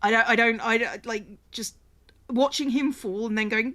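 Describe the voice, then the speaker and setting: A woman's voice: a little high, fairly even intonation, normal speed, sharp tone. A woman co-hosting a craft livestream, chatting while she sews, often repeating words and thanking viewers by name. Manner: reads out viewer names and thanks them. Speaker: streamer co-host. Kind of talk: casual livestream chat.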